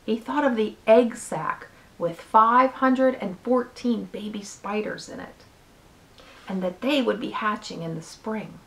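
A teacher reading a chapter book aloud with steady, expressive storytelling. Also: female voice, mid-range voice, vocal fry, poor audio.

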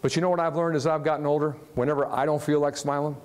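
An upbeat man from Ohio works a live crowd in a large hall, giving a motivational talk in a fairly high voice. He is animated and jokey and keeps firing questions at the audience. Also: fast talker, very noisy. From Ohio, USA. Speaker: motivational speaker.

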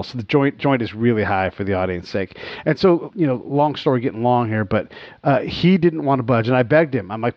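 Man, podcast host, animated storyteller, dry close sound, muffled lo-fi quality. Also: medium pitch, brisk, dry recording. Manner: animated, laughing, breaks into quoted voices. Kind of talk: casual storytelling.

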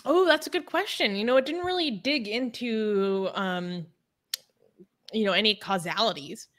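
A woman's voice: medium pitch, moderate pace, a bit bright. A woman co-hosting a casual talk show, chatting, laughing easily and reading out survey figures. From Scottish and Irish ancestry, raised elsewhere. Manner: chatty, laughs often, reads out statistics. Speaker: co-host. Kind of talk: casual chat reading news and comments.

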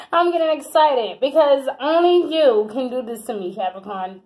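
A woman with a high voice reads tarot cards in a loose, casual monologue. She is animated and chatty, swears freely and calls the listener honey and baby. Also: moderate pace, rough recording. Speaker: tarot reader.

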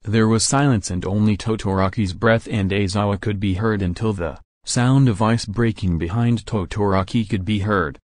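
Male narrator, fan story reading, steady and plain, low voice, dry close sound. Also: moderate pace, few pauses, no room sound.

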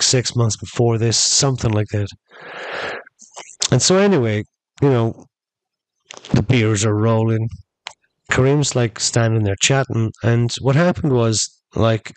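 A man's voice: medium pitch, dry recording. Man, podcast host, casual rambling storyteller, calls listeners folks, dry sound.

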